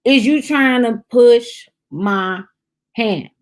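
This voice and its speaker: A woman's voice: a little high, extremely slow, pitched above the performer's own voice. A woman voicing an angry grown son who challenges his father with pointed questions. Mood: defiant.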